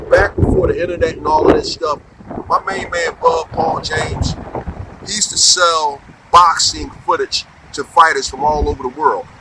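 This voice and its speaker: Animated storytelling man, noisy backdrop. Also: a little high. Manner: animated, conversational, frequent "right?" asides. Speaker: comedian. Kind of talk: storytelling comedy monologue.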